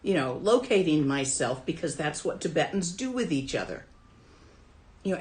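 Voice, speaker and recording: A woman's voice: low-pitched, sing-song, normal speed, a little mellow, roomy sound, poor audio. A woman who teaches Buddhism and translates Tibetan, telling a story from her own life in a dharma talk in a casual, wry way.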